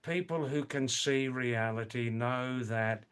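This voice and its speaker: A man in his seventies with a mild Australian accent, hosting a casual livestream and answering viewer comments in a musing, unhurried way. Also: mid-range voice, a bit bright, clean tone. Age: 70s. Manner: unhurried, musing, pauses to address viewers by name. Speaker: livestream host. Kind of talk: casual live chat reading viewer comments.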